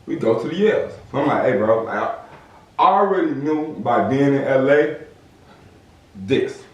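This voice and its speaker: A man's voice: medium pitch, normal speed, recorded from a distance. A young man from Southern California, casually telling a story in slangy talk and acting out the quotes. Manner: animated, slangy, acts out quotes. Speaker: podcast host. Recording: echoey room, off-mic.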